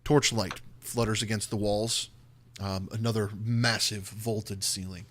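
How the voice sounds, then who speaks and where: A man's voice: lowish voice, level tone, unhurried, a bit bright. A man running a tabletop role-playing game as dungeon master, narrating scenes in vivid detail with frequent "uh" and "um" fillers.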